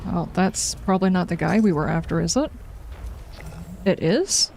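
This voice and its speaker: A woman gaming livestreamer plays while chatting casually and wryly with viewers, reacting aloud and answering chat. Her voice is on the low side, expressive, at a moderate pace, with vocal fry, a darkish tone and slight background noise.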